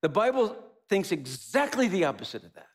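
A man preaching a sermon, animated, asking rhetorical questions and acting out little dialogues. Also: high-pitched, a little fast, husky. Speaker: pastor.

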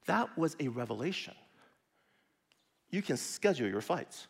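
A middle-aged man preaching a sermon in a conversational way, often dropping to a soft, near-whispered voice for emphasis. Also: sits high, a little fast, breathy edge. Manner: lively, conversational preaching with sudden soft drops. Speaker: pastor.

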